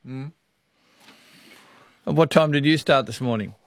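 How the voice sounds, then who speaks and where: A man's voice: mid-range voice, a little slow, no room sound. A man with an Australian accent hosting talkback radio, chatting folksily with callers and laughing easily. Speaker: radio host taking calls. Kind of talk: casual talkback radio chat.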